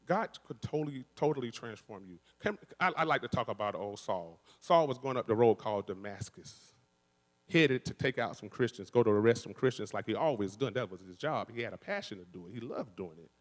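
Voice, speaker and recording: A man's voice: medium pitch, a little fast. A man giving a spirited church testimony with a preacher's cadence, repeating and restarting phrases as he builds up. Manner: energetic, repetitive preacher cadence with frequent restarts. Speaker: worship musician and speaker. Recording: long reverb of a large hall.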